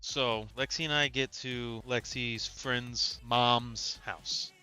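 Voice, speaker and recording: A young man casually telling a wild story on a podcast, animated, swearing freely and peppering his talk with fillers. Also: medium pitch, slow pace, loud music behind the voice.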